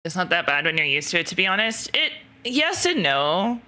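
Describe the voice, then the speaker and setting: A woman streamer chats openly with her viewers in a loose, rambling way, full of fillers and casual swearing. Her voice is very bright and sharp-edged. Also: medium pitch, big pitch swings, normal speed.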